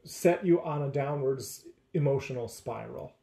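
A man who teaches, talking through faith and relationships in a measured, deliberate way. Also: medium pitch, vocal fry, dark tone, roomy sound. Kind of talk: casual faith discussion.

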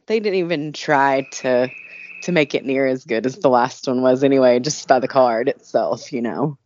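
A man co-hosting a podcast in casual chat, chiming in briefly with a relaxed manner. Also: mid-range voice, moderate pace, lo-fi sound, slight background noise.

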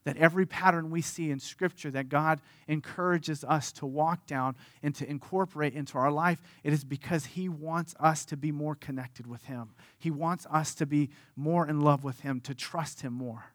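A man in his thirties preaching a sermon as pastor, earnest, moving from hushed lines to animated storytelling. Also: fairly high pitch, normal speed, hardly any pauses, dry recording, clean studio sound.

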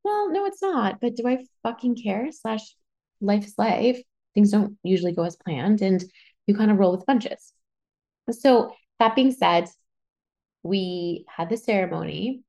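A woman hosting a podcast, telling a personal story in a chatty, animated way and swearing freely. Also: medium pitch, a little slow, creaky. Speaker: podcast host. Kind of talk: casual storytelling monologue.

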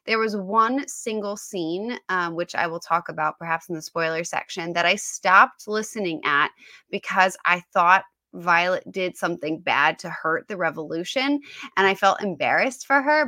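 A woman co-hosting a podcast in casual book chat, chatty and quick to laugh. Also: on the low side, bright, forceful tone, no echo, clean studio sound. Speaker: podcast co-host.

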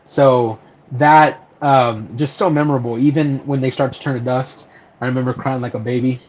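Animated laid-back male podcast co-host. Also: medium pitch, normal speed, a little hiss or hum. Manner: animated, laughs easily, swears casually. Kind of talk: casual podcast chat about superhero films. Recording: slightly dull lo-fi audio.

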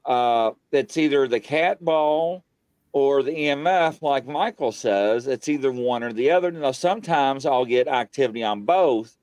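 A man telling a paranormal story in casual chat, acting out the quotes with big jumps in his voice. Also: dry recording. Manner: animated, acts out quotes with big pitch jumps. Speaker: paranormal show guest telling stories.

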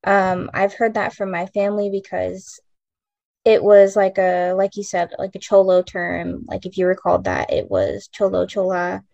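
A woman's voice: medium pitch, moderate pace, creaky, darkish tone, no echo. A young woman taking part as a guest in a casual podcast discussion over a video call, speaking hesitantly with many fillers. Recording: dull lo-fi call audio.

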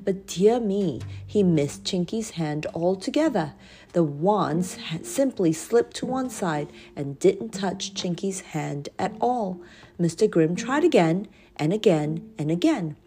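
A woman narrating a children's audiobook with a gentle, expressive reading. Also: on the low side. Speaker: storyteller.

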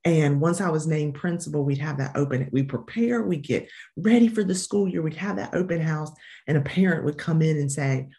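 A woman with a Southern American accent answers interview questions as an education consultant and coach, earnest and emphatic, slowing down to stress key phrases. Her voice is low-pitched with a dark tone.

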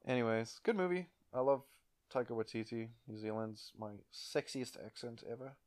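A man's voice: medium pitch, expressive, normal speed, darkish tone. A young man co-hosting a podcast in casual chat, rambling and laughing often as he talks. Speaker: podcast co-host.

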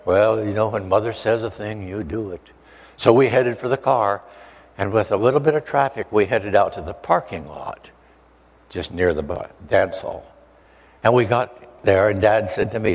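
Older man telling a lively sermon story. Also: lowish voice, normal speed. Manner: animated storyteller, acts out voices, jokes with audience. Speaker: preacher. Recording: long hall reverb.

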